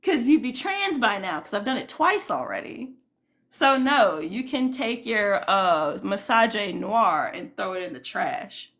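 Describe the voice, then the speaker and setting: A woman's voice: mid-range voice, big pitch swings, a little slow, fairly bright tone. A woman hosting a casual livestream, greeting viewers and giving indignant, rambling commentary full of fillers. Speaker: livestream host.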